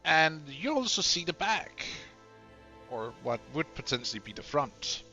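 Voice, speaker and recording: Lively, bright-voiced male game master. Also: a little high, a little slow, muffled recording, faint music behind. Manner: describes scenes and slips into character voices. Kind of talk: narrating a tabletop role-playing game.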